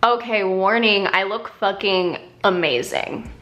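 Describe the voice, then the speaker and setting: Chatty lady doing a makeup tutorial, bright voice, kinda echoey room. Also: mid-range voice, a little slow. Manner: chatty and exclamatory, many fillers. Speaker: beauty vlogger. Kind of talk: casual makeup tutorial chat. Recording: roomy echo.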